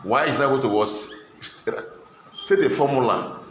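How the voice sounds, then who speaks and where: A man's voice: medium pitch, moderate pace, reverberant, slight background noise. A man tutoring a pupil in math, sternly repeating questions and pressing for answers.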